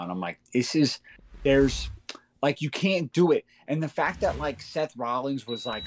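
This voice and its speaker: A man co-hosting a casual podcast, ranting in animated, fast bursts. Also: mid-range voice, a little hiss or hum. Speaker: podcast co-host. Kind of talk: casual chat.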